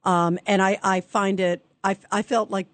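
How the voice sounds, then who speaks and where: A woman's voice: mid-range voice, level tone, moderate pace, no echo. A woman hosting a call-in radio show, giving indignant, sharply critical commentary into a close studio mic. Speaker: radio talk show host.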